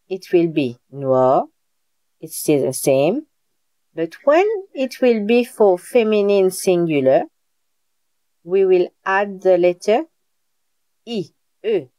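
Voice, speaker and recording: Slow, patient woman teaching beginners. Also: lowish voice, warm tone, no echo. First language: French. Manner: patient, repeats points and checks in with "Okay?". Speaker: French teacher. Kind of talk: live online beginner language lesson. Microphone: video call.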